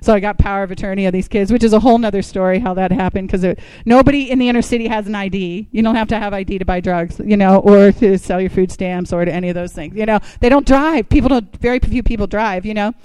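A woman speaking to a church group, telling her own story with lots of asides and questions thrown at the audience. Her voice is smooth and clear, and the sound is dry and close. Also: mid-range voice, steady tone, fast talker, hardly any pauses, dark tone, no echo, rough recording. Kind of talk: personal testimony talk.

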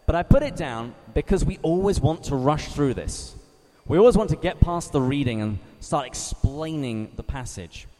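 A man from England, giving a measured teaching talk to a live group, reading scripture slowly and asking his listeners questions. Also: on the high side, animated, warm tone. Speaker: Bible study speaker. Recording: reverberant hall.

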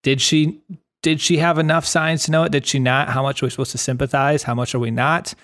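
A man co-hosting a podcast, talking in an enthusiastic, animated way. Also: medium pitch, brisk. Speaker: podcast co-host. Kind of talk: casual chat.

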